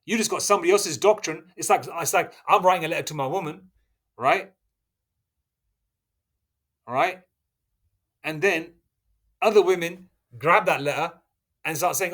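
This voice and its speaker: Emphatic man preaching, higher voice. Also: normal speed, pauses often. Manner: checks in with listeners constantly, asking "okay?" and "all right?"; emphatic, with sudden loud stresses. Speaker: religious teacher. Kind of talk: preaching lecture reading scripture aloud.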